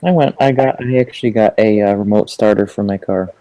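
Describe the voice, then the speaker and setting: A man's voice: on the low side, fairly quick, mellow, dry recording, rough recording. A man in casual chat, easygoing and agreeable, often murmuring along. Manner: easygoing, agreeable, frequent backchannels.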